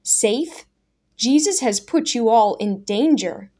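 A scornful young man on the edge of tears, as a woman reads him out in a storybook, loud and pleading. His questions come fast and hard, pitched a little higher than the steady voice around him. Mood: scornful, desperate.

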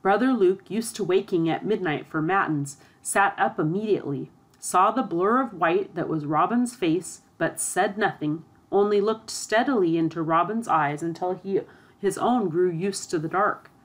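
A woman narrating a storybook aloud in a steady, expressive reading. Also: lowish voice, moderate pace.

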